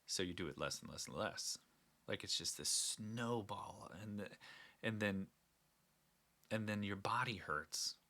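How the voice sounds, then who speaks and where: A man's voice: fairly low pitch, unhurried, sharp tone. A young man hosting a casual solo talk, rambling and earnest with frequent restarts. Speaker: podcast host.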